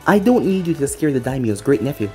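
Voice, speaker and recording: A storybook narrator voicing a weary young ninja squad leader who scolds in a flat, tired way. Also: mid-range voice, quick pace, soft background music, close to an everyday voice. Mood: stern.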